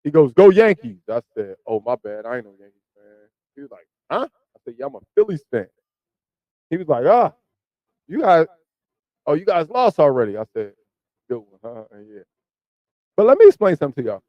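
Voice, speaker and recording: A man hosting a podcast, chatting casually about football and swinging from low mutters to loud emphasis. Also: sing-song, a little fast, pauses often, no room sound, dull audio. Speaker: podcast host. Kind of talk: casual sports chat.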